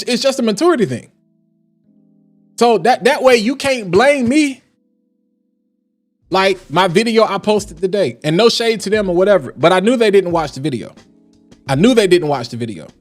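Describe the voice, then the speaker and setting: Brief: high-pitched male fragrance reviewer, energetic slangy live-stream talk, faint music behind. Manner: animated and emphatic, slangy. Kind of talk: casual live-stream chat.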